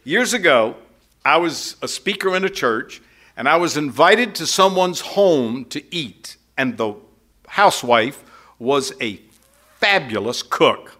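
A male preacher with a fairly high, bright, forceful voice delivers an expository sermon. He talks slowly and emphatically, asking the congregation rhetorical questions. Now and then he drops into quieter, lower asides while explaining. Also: sing-song. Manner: slow, emphatic, conversational teaching with rhetorical questions.

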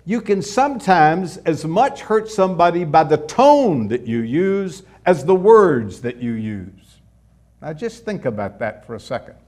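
Speaking at a medium pitch, a middle-aged man delivers a sermon as a pastor in a chatty style. Rhetorical questions punctuate his talk, and now and then his voice falls abruptly quiet.

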